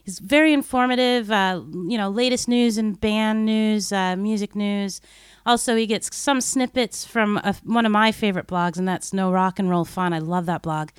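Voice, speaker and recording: Brief: woman podcast host, mid-pitched, chatty and giggly, dry close sound. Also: clean tone, dry recording. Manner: chatty, giggly, reads web addresses slowly. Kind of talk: casual podcast chat with promo reads.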